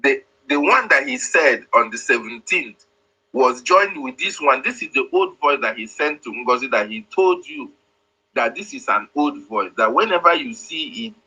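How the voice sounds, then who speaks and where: A man's voice: mid-range voice, expressive, normal speed, pushed and bright, husky, rough recording. A man hosting a live audio room, explaining insistently and repeating his points. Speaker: host.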